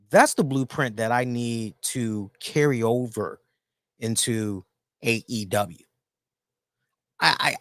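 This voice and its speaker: A man hosting a solo wrestling review, talking in an animated, emphatic way and repeating words for emphasis. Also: medium pitch, no room sound, studio quality. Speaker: wrestling show reviewer, host.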